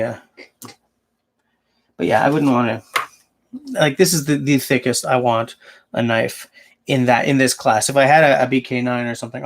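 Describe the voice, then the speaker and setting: A man's voice: medium pitch, gravelly, background noise. A man hosting a casual livestream, answering viewers and thinking aloud as he rambles. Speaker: livestream host.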